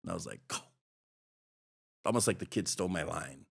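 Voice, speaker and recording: Deep-voiced middle-aged man from Hawaii, earnest and rambling, recounting his past as a podcast guest. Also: animated, brisk, vocal fry, breathy edge. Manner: earnest, rambling, heavy with fillers. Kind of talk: personal storytelling interview.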